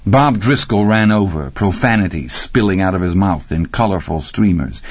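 A man narrates a story in a low voice with lively, expressive intonation and a wry manner. The recording is dry and a little muffled. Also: normal speed, husky, no room sound. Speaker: audiobook narrator. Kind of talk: scripted narration.

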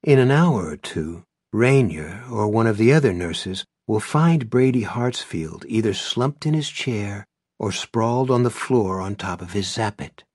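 A man narrating an audiobook in a measured, low-key way. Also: lively intonation, a little mellow, husky, dry recording, clean studio sound. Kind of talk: scripted narration.

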